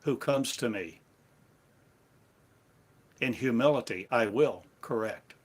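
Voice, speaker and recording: A man giving a slow, meditative sermon in halting, repetitive phrases, like an incantation. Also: mid-range voice. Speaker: spiritual teacher.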